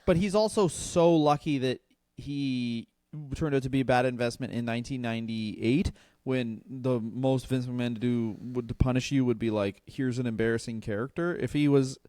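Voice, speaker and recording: A man's voice: medium pitch, moderate pace, darkish tone, dry recording, clean studio sound. A man co-hosting a podcast, talking in a loose, rambling way and laughing easily. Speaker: podcast co-host. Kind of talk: casual comedic chat.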